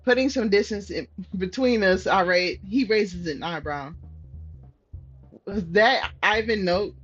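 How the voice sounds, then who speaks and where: A woman's voice: medium pitch, a little slow, husky. A woman gaming streamer reading a story game aloud, breaking into profane, outraged reactions. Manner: animated, profane, bursts into loud outraged reactions. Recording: slightly muffled, soft game music behind.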